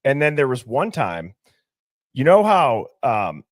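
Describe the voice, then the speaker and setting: Young man, livestream host, lively swinging pitch, dry close mic, casual commentary. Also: takes it slowly, no room sound. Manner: animated, conversational, rhetorical questions.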